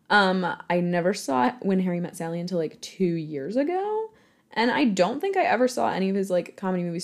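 A woman's voice: fairly low pitch, darkish tone. A young woman in her twenties, from Michigan, talks in a casual, rambling monologue. She fills her sentences with fillers and often breaks into self-mocking laughter. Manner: chatty, rambling, lots of fillers, laughs at herself. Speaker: theater marketing worker.

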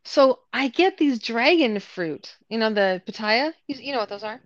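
Woman co-host, chatty storyteller, mid-pitched, dull dry lo-fi sound. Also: moderate pace, no room sound. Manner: animated, acts out quotes, laughs often. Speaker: podcast co-host. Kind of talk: casual storytelling chat.

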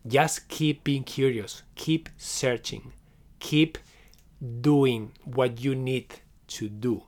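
Gentle encouraging male meditation teacher. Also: medium pitch, steady tone, very slow. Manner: gentle and encouraging, with frequent "okay?" check-ins and filler restarts. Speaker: meditation teacher hosting a live session. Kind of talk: live stream closing talk.

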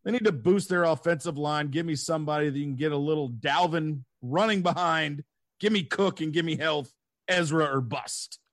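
A man with a slightly high voice chats casually on a sports panel. He is playful and tosses in jokey nicknames. His voice sounds dry and close to the mic. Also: normal speed, fairly bright tone, no room sound.

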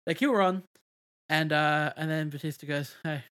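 Casual male podcaster, somewhat high-pitched, loose rambling delivery with fillers. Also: fairly even intonation, moderate pace, fairly bright tone, clean tone. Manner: rambling, many fillers and restarts. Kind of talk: casual movie review chat.

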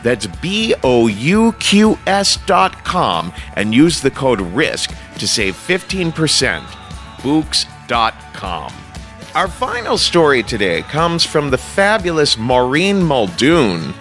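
Man, podcast host, slow pace, lively pitch, faint music behind. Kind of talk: scripted ad read and introduction.

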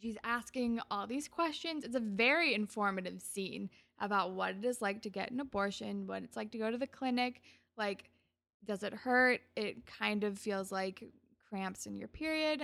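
A woman co-hosting a casual podcast recap, her voice sitting in an ordinary middle register. She retells scenes in an animated way and slips into the characters' lines, with plenty of fillers along the way. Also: medium pitch. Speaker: podcast co-host.

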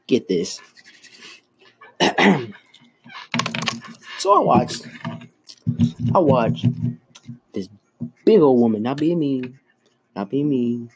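A young man telling jokes in casual slang, loud and animated, teasing his friends. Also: mid-range voice, noisy background. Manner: loud, animated storytelling with slangy trash talk. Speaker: joke teller.

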